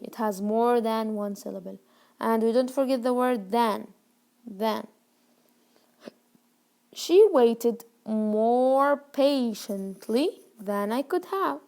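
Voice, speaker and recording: Slow, gravelly-voiced woman teaching grammar. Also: a little high. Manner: slow, repeats key words, checks understanding. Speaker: English teacher. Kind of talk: grammar lesson to learners.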